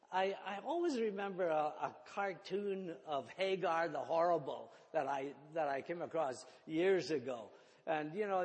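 A man preaching a sermon, halting and repeating words as he thinks aloud. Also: fairly high pitch. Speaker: pastor. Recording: reverberant church hall.

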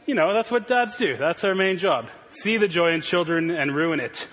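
A man's voice: fairly high pitch, animated, moderate pace, hardly any pauses, a bit bright, some chatter behind, slight background noise. A man in his thirties preaching a sermon, telling stories in an earnest, conversational way. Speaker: pastor. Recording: reverberant hall.

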